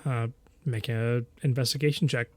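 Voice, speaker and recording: A man's voice: mid-range voice, steady tone, dry recording. A man narrating as game master, describing scenes with many fillers and restarts. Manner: halting, filler-heavy description.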